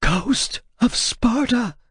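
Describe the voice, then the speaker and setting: A man voicing a terrified male translator with a raspy voice, pleading and strained with fear. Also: extremely high pitch, takes it slowly, no room sound, clean studio sound, pitched above the performer's own voice, exaggerated voice. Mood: frightened.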